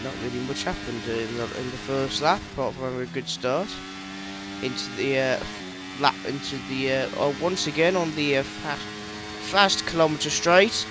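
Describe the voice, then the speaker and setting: A man's voice: medium pitch, background noise. A man casually commentating over his own racing game playthrough, rambling, correcting himself often and cracking jokes. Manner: rambling, self-correcting, jokey. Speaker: gaming video creator.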